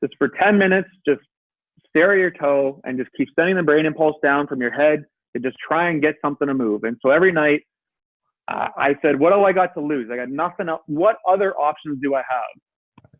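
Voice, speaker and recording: A man telling his story as an interview guest, animated and swearing freely, acting out his own past words. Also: on the high side, a little fast, no room sound. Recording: tinny phone-like line.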